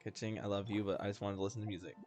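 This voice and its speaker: Man, lower voice, casual let's-play host, rambly and self-deprecating, faint game music underneath. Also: little pitch movement, racing. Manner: rambling, chatty, self-deprecating, laughs often. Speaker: gaming video host.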